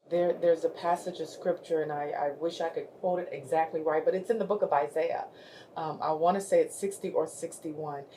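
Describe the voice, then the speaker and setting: A woman's voice: sits low, warm tone. A woman hosting a faith talk show, who quotes scripture in a preacherly way with emphatic rises. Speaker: host.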